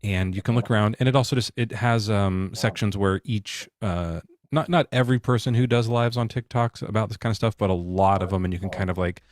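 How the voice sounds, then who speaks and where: Low-voiced man, dry close mic. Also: brisk, few pauses, no room sound. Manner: animated, acts out quoted voices. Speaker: podcast host. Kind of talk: casual live-stream chat.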